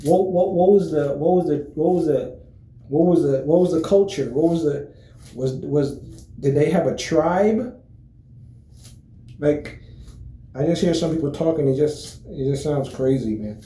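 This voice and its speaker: Rambling man with a dark echoey voice. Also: on the high side, unhurried, pauses often. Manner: rambling, many fillers and repeated restarts; relaxed, friendly greetings. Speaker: vlogger. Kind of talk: casual chat to camera.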